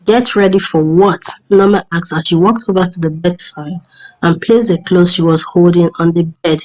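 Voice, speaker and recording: Lady reading a folk tale, lowish voice, steady and measured. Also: low-quality recording. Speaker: storyteller. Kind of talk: storytelling narration.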